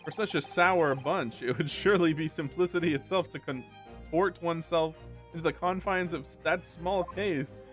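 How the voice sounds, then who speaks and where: A man reading aloud the lines of a pompous, eccentric gentleman detective in a game, in a grandiose, theatrical manner. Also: fairly high pitch, moderate pace, faint music behind, close to an everyday voice.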